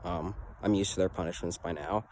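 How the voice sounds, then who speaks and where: A man's voice: sits low, steady tone, fairly quick, darkish tone, a little hiss or hum. A teenage boy telling his own story in an earnest, rambling way, often saying "anyways". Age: teens. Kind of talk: personal story to camera.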